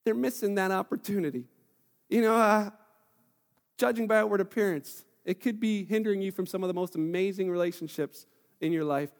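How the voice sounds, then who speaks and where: A man preaching a sermon as pastor, telling stories in a lively way and acting out the voices of the people in them. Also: sits high, brisk, long reverb tail. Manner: animated storytelling, acting out quoted voices. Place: church hall.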